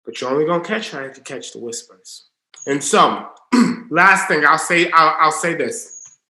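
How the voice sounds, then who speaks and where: A man preaching in an earnest sermon style, dropping to a hush for emphasis. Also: on the high side, normal speed. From Southern US. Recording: roomy echo.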